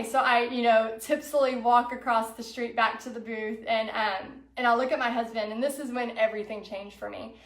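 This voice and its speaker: A woman with a high voice tells her viewers a personal story in a casual, expressive way. She acts out what she once thought and laughs easily. The sound is echoey, as if in a hard-walled room. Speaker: painting instructor.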